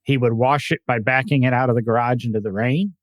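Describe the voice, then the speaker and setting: A man's voice: mid-range voice, steady tone, quick pace, no echo. A man co-hosting a casual car podcast, chatting in a rambling, joking way. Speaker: podcast co-host. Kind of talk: casual chat.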